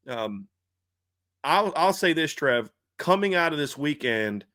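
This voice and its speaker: A man co-hosting a casual sports podcast talks through the game with plenty of fillers and quick restarts. His voice sits in a middle pitch, and the recording is dry and close with no room sound. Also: fairly bright tone, no echo. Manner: conversational, many fillers and restarts. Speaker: podcast co-host.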